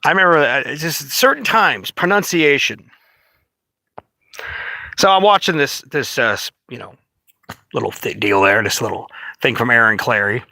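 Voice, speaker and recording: A man's voice: medium pitch, expressive, normal speed, creaky, pauses often, pushed and bright, no room sound. A man ranting casually to the camera in a profane, rambling, indignant way. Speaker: vlogger.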